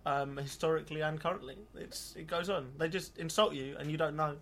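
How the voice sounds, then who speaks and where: A man from South keeps up a loose, joking podcast chat, laughing through his sentences and swearing freely. His voice is bright and a little high for a man, with a faint ambient hum behind it. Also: steady tone, brisk, gravelly. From South London. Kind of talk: casual chat.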